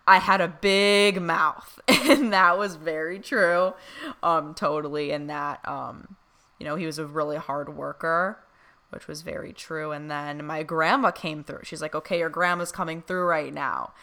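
A woman's voice: sits low, fairly bright tone. A young woman chatting casually to camera, filling her talk with "you know" and "like" and laughing often. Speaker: vlogger recounting a reading. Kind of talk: casual chat.

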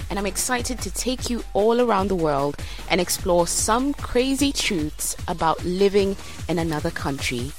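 A woman's voice: mid-range voice, expressive, moderate pace, soft background music. A woman from Kenya hosting a podcast, upbeat and inviting as she introduces the show. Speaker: podcast host.

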